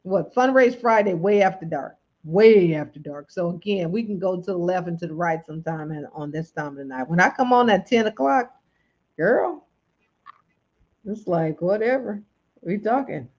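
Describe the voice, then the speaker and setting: A woman's voice: fairly low pitch, normal speed, a little mellow, muffled recording. A woman hosting a livestream, chatting casually and encouraging viewers, often repeating phrases. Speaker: livestream host and coach. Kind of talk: casual motivational livestream chat.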